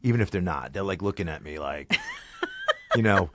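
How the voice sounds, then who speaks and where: A man's voice: deep voice, huge pitch swings, moderate pace, a bit bright, no room sound. A man in a studio, chatting casually on a podcast and joking around in character voices. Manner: playful, jokey, slips into character voices. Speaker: voiceover talent and event host.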